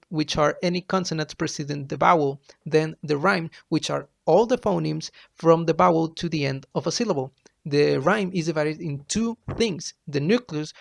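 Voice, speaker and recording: A man giving a class presentation as a student, reading from his slides in a halting way. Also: fairly high pitch, vocal fry.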